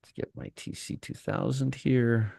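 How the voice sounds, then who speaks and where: A man's voice: medium pitch, steady tone, measured pace, gravelly, a little mellow, dry recording, clean studio sound. A man hosting a live trading room, commenting on the market with heavy sarcasm, restarting and trailing off as he works his screens. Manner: sarcastic, talks to viewers and chat.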